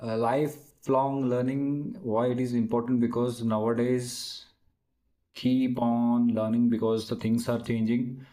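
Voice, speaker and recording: A man practicing spoken English in conversation, halting and searching for words, with many restarts. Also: mid-range voice, level tone, warm tone, rough recording. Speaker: English learner practicing speaking.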